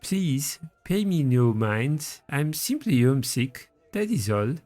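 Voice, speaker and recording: A man voicing a melodramatic, homesick French noblewoman mother with a deliberately bad French accent. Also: rumbling low, very animated, dark tone, exaggerated voice. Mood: melancholic. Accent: put-on French.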